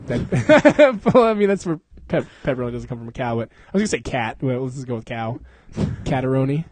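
A man's voice: mid-range voice, lively intonation, brisk, darkish tone, no room sound. A man casually telling a story as podcast host, swearing freely, laughing often and acting out the people in it.

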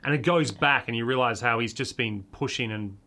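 A man with a bright, forceful voice talks through a film review in a loose, rambling podcast chat. He is eager and fills gaps with ums as he searches for words. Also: mid-range voice, brisk. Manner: enthusiastic, rambling with fillers. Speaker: podcast co-host.

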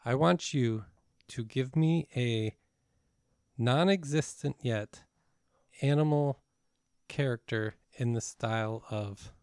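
A man co-hosting a casual podcast, relaxed and teasing, leading the segments. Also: medium pitch, slow, clean tone, no echo, studio quality. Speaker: podcast co-host. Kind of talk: casual chat.

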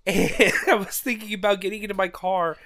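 A man's voice: high-pitched, animated, moderate pace, pushed and bright. A man co-hosting a casual podcast, his voice nasal from a cold, with teasing, sarcastic banter. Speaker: podcast co-host. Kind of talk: casual chat.

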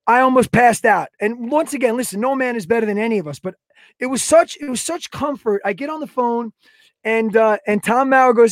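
This man hosts a podcast and speaks in a notably high voice. He rambles through long stories and acts out the people and sounds in them. The sound is dry and close. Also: fairly quick, no room sound. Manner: animated, acts out quoted voices and sound effects. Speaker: podcast host. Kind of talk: casual podcast storytelling.

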